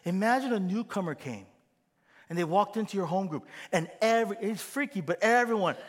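A middle-aged pastor preaching with a lively, swinging delivery, his voice carrying a long reverb. He is a fairly high-voiced man who acts out little quoted voices as he goes. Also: fairly quick. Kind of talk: sermon.

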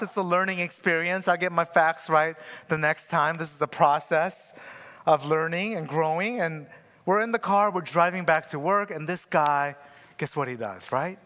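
A young man with a notably high voice delivers a chatty sermon, leaning on "right?" to pull his listeners along. His voice rings out with a long reverb, as if he stands in a big church hall. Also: bright, forceful tone. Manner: conversational, keeps asking "right?". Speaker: preacher. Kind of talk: sermon with personal story.

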